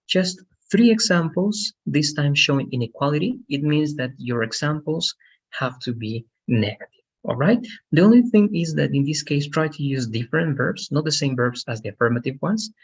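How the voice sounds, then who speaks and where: A man's voice: on the high side, slightly rough, dull audio. A man teaching an English lesson on a video call, explaining patiently and often checking with "right?". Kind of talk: online language lesson.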